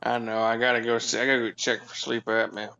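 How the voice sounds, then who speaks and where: A man in casual, crude chat on a voice call, joking and swearing with loud bursts. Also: mid-range voice, level tone, fast talker, vocal fry, clear, resonant tone, dull audio. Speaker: call participant.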